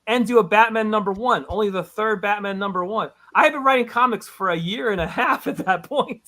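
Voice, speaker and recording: A man with a high, bright voice talks casually as an interview guest. He tells his stories with animated energy and breaks into laughing exclamations. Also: fairly quick. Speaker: comic book writer, guest.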